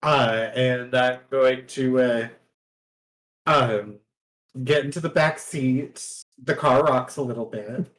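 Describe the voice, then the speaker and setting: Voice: medium pitch, takes it slowly, a bit bright. A tabletop game player describing a character's actions, hesitant and laughing often. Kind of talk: casual game table chat.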